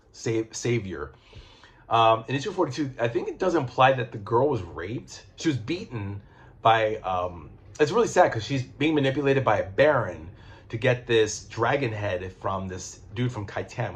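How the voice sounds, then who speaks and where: A man casually reviewing comic books, rambling and excitable, swearing freely and restarting his sentences. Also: mid-range voice. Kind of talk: casual chat.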